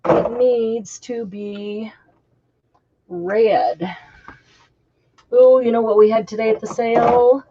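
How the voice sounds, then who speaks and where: A woman hosts a relaxed crafting stream, talking in a slightly high voice as she works. She wanders in and out of half-sung tune snippets. The sound is dry and a touch muffled. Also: slow pace, long pauses, dry recording. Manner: chatty, hums and half-sings a nursery tune. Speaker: craft show host. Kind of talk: casual chat while crafting.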